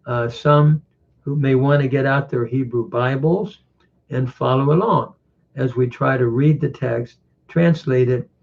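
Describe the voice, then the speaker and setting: A man teaching a scripture passage with grammar commentary, deliberate and pausing often with "uh". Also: medium pitch, steady tone, vocal fry. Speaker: Bible teacher. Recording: dull lo-fi recording.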